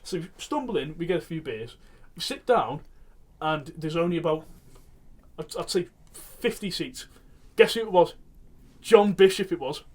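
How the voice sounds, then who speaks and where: Scouse guy rambling thru a pub story on a comedy podcast, voice a bit higher than most. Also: moderate pace. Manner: rambling, animated anecdote with acted quotes. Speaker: podcast co-host. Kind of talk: casual storytelling.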